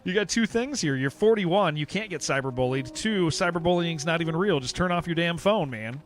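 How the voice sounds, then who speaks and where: A man's voice: on the high side, lively intonation, a little fast. A man streaming a game, chatting casually with viewers in a rambling, joking way and laughing often. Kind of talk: casual livestream chat while playing.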